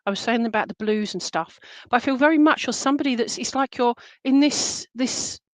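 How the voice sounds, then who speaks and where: A woman's voice: fairly high pitch, fairly quick, no echo. Lady doing live psychic readings, chatty and reassuring, dry close sound. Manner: chatty, reassuring, many fillers and pet names. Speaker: psychic medium. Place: room with a table of crystal animals.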